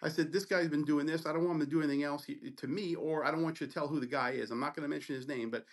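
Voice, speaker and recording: Animated, profane storytelling man. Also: on the high side, rapid-fire. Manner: animated, profane, acts out voices in his story. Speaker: podcast co-host. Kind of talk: casual storytelling.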